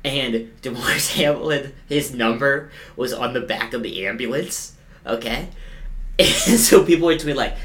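A young man co-hosting a podcast, telling sports stories in an animated, sarcastic, self-mocking way. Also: medium pitch, unhurried. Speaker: podcast co-host. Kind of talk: casual sports chat.

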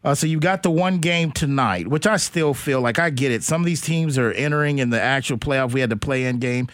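A man's voice: medium pitch, brisk, fairly bright tone, dry recording. A man hosting a sports talk radio show from a studio, blunt and opinionated, rambling through his points.

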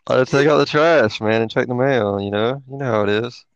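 A man's voice: mid-range voice, a little fast, no echo. A man from Florida co-hosting a podcast over a voice call, laid-back with dry short replies. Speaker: podcast co-host. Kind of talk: casual chat. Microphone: online voice call. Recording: dull lo-fi call audio.

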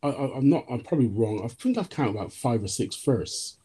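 A man's voice: medium pitch, animated, a little fast, dark tone, slightly rough. Hesitant man asking interview questions. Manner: hesitant, many ums and restarts. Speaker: podcast co-host.

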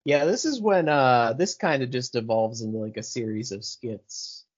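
A man's voice: medium pitch, moderate pace, slightly rough. Swearing man on a podcast. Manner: swears freely, searches for lines aloud. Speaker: podcast co-host. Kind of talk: casual movie recap chat. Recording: dull lo-fi sound.

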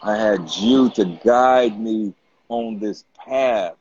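A man telling stories on a podcast in a loose, animated way, repeating words and acting out what others said. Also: fairly low pitch, takes it slowly, slightly rough. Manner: animated storyteller, repeats words, acts out quotes. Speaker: podcast guest. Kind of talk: casual storytelling chat. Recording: dull dry close-mic podcast sound.

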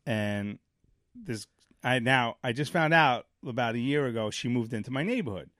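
A man from Brooklyn tells a long story in casual chat. He rambles with lots of fillers and jumps into acted-out quotes. His voice sits at an everyday middle pitch, close and dry on the mic. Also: normal speed, dry recording. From Brooklyn, New York. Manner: animated, rambling, many fillers, acts out quotes. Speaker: podcast co-host.

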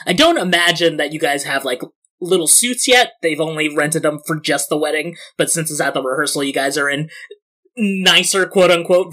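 A man narrating a tabletop game as game master, chatty and quick, often laughing. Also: on the high side, sharp tone.

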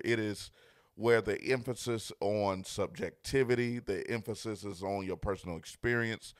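A man pastor preaching a livestreamed sermon, repeating key lines and building from quiet greetings to loud, emphatic preaching. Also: on the low side, no room sound, studio quality.

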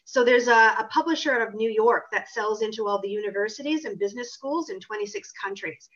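A woman who is an author and pricing consultant answers interview questions in an emphatic, assertive manner. Her medium-pitched voice is fast and a bit bright, and the audio is dull and lo-fi.

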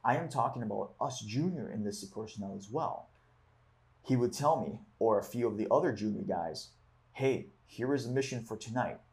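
Man, lowish voice, reads aloud and reflects casually, group discussion leader. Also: animated, normal speed, darkish tone. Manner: reads passages aloud, then reflects with fillers. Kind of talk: book club discussion.

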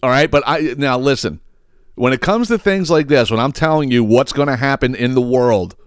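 A man with a smooth, medium-pitched voice talks at a moderate pace while hosting a podcast. His political rant is emphatic and profane, and he repeats himself frequently; the studio-quality audio has no echo.

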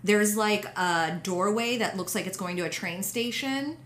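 A woman's voice: mid-range voice, normal speed, fairly bright tone, echoey room. A woman hosting a podcast in casual chat, rambling, trailing off and swearing freely. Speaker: podcast host.

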